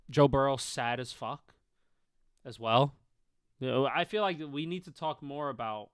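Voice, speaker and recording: A man's voice: medium pitch, fairly bright tone, clear, resonant tone, no room sound, clean studio sound. A man co-hosting a sports podcast, loose and profane, trailing off with fillers as he recaps a game. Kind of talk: casual sports chat.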